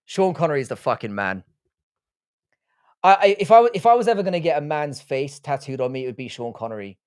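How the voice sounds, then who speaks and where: A man's voice: a little high, big pitch swings, brisk, a little mellow, clear, resonant tone. A young man hosting a casual livestream, reading the chat aloud and rambling with crude jokes. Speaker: livestream host.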